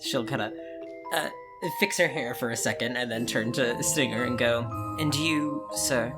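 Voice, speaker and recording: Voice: medium pitch, normal speed. A player in a tabletop game, playfully describing their character's gestures with lots of likes and ums. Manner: playful, filler-heavy action description. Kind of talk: casual tabletop play. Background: loud background music.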